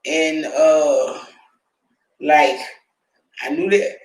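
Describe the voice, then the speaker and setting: A man's voice: a little high, fairly even intonation, very slow, echoey room, rough recording. A man hosting a livestream, giving casual, profane commentary, often laughing and talking to his chat. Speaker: livestream host.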